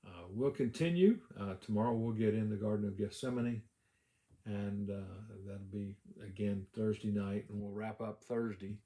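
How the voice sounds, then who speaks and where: A man's voice: on the low side, moderate pace, mellow, roomy sound. A male pastor giving a casual devotional Bible teaching, talking conversationally with many "uh" fillers and restarts.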